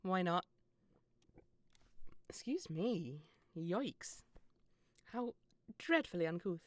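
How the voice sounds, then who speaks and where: A woman's voice: fairly low pitch, lively intonation, extremely slow, no echo. A young British woman streaming a game, chatting casually in a rambling, self-deprecating way with frequent laughs. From Britain. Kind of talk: casual gameplay stream chat.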